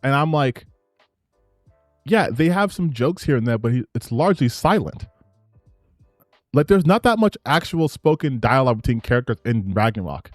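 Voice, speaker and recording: A man giving casual commentary on gaming clips, ranting in an excited, rambling way with frequent restarts. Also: mid-range voice, normal speed, long pauses, no room sound, clean studio sound, faint music behind.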